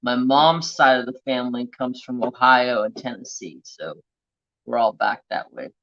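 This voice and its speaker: A man's voice: medium pitch, moderate pace, gravelly, a bit bright, highs cut off. A man from California hosting a craft channel, chatting casually and rambling with a loose, drawling, joking manner. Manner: rambling, self-talking, joking, loose Southern-tinged drawl. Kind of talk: casual live-stream chat.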